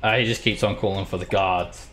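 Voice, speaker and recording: A man narrating as dungeon master, halting with many fillers. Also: low voice, fairly even intonation, bright, forceful tone, soft background music. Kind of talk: narrating a tabletop game.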